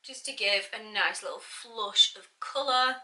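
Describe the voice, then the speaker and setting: A woman's voice: mid-range voice, a little slow, pushed and bright, a little hiss or hum. A woman giving a bubbly, chatty makeup tutorial and talking straight to her viewers. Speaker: beauty vlogger.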